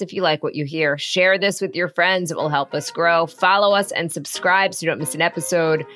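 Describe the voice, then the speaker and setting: A woman in her thirties co-hosting a conversational news podcast, playful and quick to laugh, sounding tired and close to getting sick. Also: lowish voice, sharp tone, soft background music. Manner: playful and laughing, light delivery.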